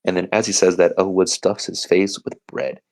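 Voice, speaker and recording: A man's voice: deep voice, level tone, normal speed, a little mellow. A young man hosting a podcast, giving a rambling, hyped, self-correcting casual recap of a movie. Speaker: podcast host.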